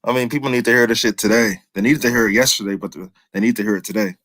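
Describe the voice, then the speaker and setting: A man chatting as a podcast guest, quick and agreeable, laughing along. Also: on the low side, a bit bright. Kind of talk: casual chat.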